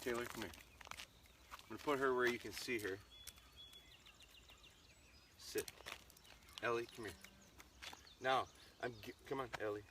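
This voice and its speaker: His voice is medium in pitch, and he speaks at a measured pace with long pauses. Outdoors on a rural farm, this man streams live as a dog trainer, talking with viewers and giving his dogs short, firm commands, recorded on a phone or tripod camera with noticeable outdoor noise.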